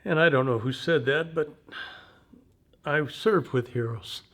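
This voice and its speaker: An unhurried man in his seventies recounts his own war experiences during an interview, speaking in a halting, folksy manner. His voice sits a little high and sounds fairly bright.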